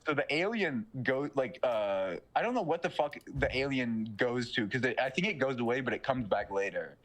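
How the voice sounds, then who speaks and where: A young man in casual podcast chat, retelling a movie plot with slangy, profane excitement and quick mocking character voices. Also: mid-range voice. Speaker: podcast co-host.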